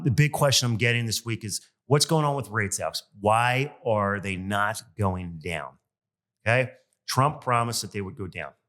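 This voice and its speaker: A man with a lowish voice talks on a solo podcast in a loose, animated way. He vents with open exasperation and peppers his talk with fillers. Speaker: podcast host and loan officer. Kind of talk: casual solo podcast monologue.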